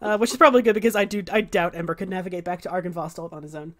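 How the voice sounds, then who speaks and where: A woman's voice: lowish voice, racing, a crowd in the background. A woman running a tabletop game as game master, narrating playfully.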